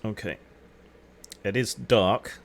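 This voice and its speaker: Male game master, low voice, unhurried scene-setting narration. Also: vocal fry. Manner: relaxed, descriptive, hedging with "sort of". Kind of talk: narrating a tabletop game online.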